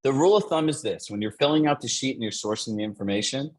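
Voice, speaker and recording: A man coaching real estate agents in a motivational session, upbeat and energetic, dropping in "right?" and "like". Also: mid-range voice, fast talker, rough recording.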